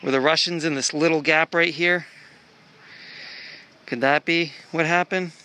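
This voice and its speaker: A man's voice: a little high, steady tone, a little slow, pushed and bright, clear, resonant tone. A man thinking aloud in a casual vlog as he walks through an outdoor park, filmed on a handheld camera. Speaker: traveler filming a walk.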